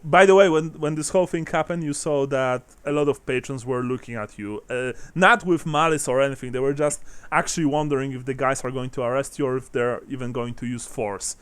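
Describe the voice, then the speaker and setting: A man narrating as game master of a tabletop role-playing game, casual and halting, swearing and laughing now and then. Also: medium pitch, smooth, dry recording.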